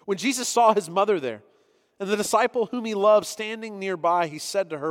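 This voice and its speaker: A pastor with a high-pitched voice delivers a sermon, moving between reading scripture aloud and earnest explanation. His voice carries a long reverb tail, as if the room is large and echoing. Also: a little fast.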